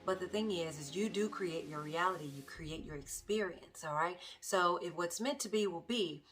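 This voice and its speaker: A woman coach giving a reflective self-care talk, slow and repetitive, sometimes dropping to a near whisper. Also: on the low side. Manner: slow, repeats phrases softly, drops to near whispers. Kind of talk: reflective motivational monologue.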